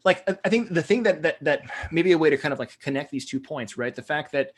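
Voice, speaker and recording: An American man co-hosts a podcast in a casual discussion, rambling along with lots of fillers and restarts. His voice is a little high and fast, with lively intonation.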